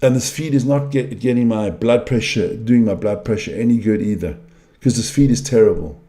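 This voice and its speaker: A man's voice: on the low side, normal speed, warm tone. A middle-aged man reacting live to a basketball game as a fan commentator, frustrated and blunt, swearing at bad plays. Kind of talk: live watch-along commentary.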